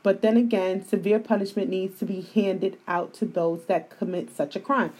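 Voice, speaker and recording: A woman's voice: mid-range voice, steady tone, moderate pace, darkish tone, breathy edge. A woman hosting a live podcast, venting her opinions bluntly and with a lot of profanity. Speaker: podcast host.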